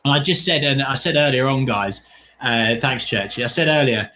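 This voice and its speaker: A man co-hosting a long charity livestream, talking in an excitable, gushing way and thanking donors warmly, worn out from the long hours. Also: medium pitch, moderate pace, a little hiss or hum, low-quality recording. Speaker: livestream co-host. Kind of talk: casual livestream chat.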